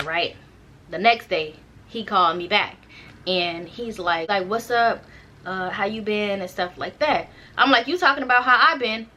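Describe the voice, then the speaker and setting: A young woman recounts a personal story to her viewers in a relaxed, slangy way, checking in with them as she goes. Her voice is bright and forceful, with a middle pitch. She speaks straight into her camera. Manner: chatty, slangy, addresses viewers directly. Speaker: storytime vlogger.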